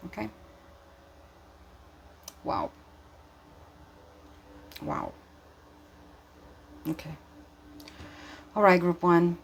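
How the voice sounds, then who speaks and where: A woman's voice: on the low side, very animated, drawn-out words, vocal fry, pauses often, slight background noise. A woman giving an intuitive tarot reading, speaking earnestly and emphatically, with many fillers and restarts, and audibly moved. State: emotional, moved. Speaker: tarot reader.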